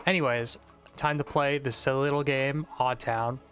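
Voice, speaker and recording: A man's voice: medium pitch, steady tone, normal speed, fairly bright tone. Rambling young male streamer. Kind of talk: casual gameplay commentary. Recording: slightly muffled mic with faint music.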